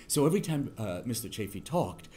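Lively storytelling male professor. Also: medium pitch, brisk, a little hiss or hum. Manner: animated storyteller, many ums and restarts. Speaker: political science professor giving a guest lecture. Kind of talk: university lecture with anecdotes. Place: university lecture room.

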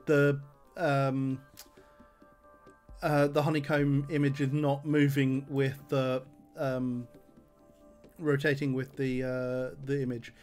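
A man's voice: medium pitch, flat delivery, slow pace, darkish tone, faint music behind. A man streaming a game, reading item text aloud with dry jokes and plenty of fillers. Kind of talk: game livestream commentary.

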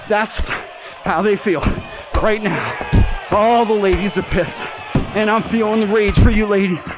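A man with a fairly high voice curses and rants while throwing punches in a VR boxing game. He is out of breath from the workout and often bursts into shouts. His voice comes through a headset mic. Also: a little slow, a crowd in the background. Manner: profane, angry ranting with shouted outbursts. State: out of breath from exercise. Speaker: VR fitness vlogger.

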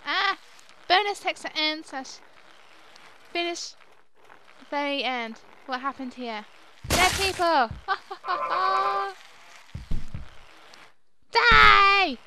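Very high-pitched excitable young woman gamer. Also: takes it slowly, long pauses, slight background noise. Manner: excitable, squealing and laughing at the game. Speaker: gaming channel host. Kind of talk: let's play commentary. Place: home room at her dad's house.

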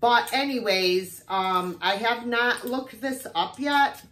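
A woman's voice: fairly high pitch, slow, fairly bright tone. An older woman chatting casually through a thrift haul video, exclaiming often as she shows off her finds.

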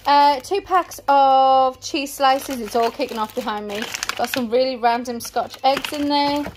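Unhurried and high-voiced, this mother chats her way through a grocery haul piece by piece, slightly winded, in a relaxed vlog from inside the family home. A faint hiss or hum runs under the audio.

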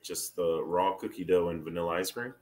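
A man, a teacher, asking questions in a casual chat, playful and quick to laugh. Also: low voice, a little mellow.

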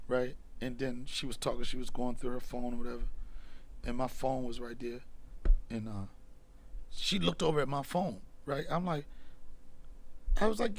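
A middle-aged man, a comedian and host, telling profane stories in casual talk and acting out scenes with loud bursts. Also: a little high, moderate pace, creaky. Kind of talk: casual storytelling.

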